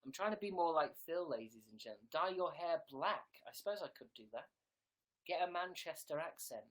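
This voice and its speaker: A man's voice: fairly high pitch, animated, fairly quick, fairly bright tone. A young man hosting a casual livestream from a room at home, joking and rambling, reading comments and dropping into whispered asides. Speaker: livestream host. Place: room in a house.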